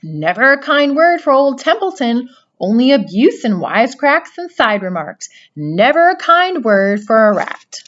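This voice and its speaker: A woman doing a grumbling sarcastic male rat, whiny and mocking, raised and loud, storybook reading, dull lo-fi sound. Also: a little high, very animated, a little slow, hardly any pauses, voice pushed up.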